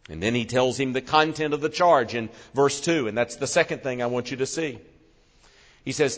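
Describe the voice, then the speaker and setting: A man preaching an expository sermon, earnest and slowing down for solemn emphasis. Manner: earnest, slows and drops low for solemn emphasis. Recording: long reverb of a large hall.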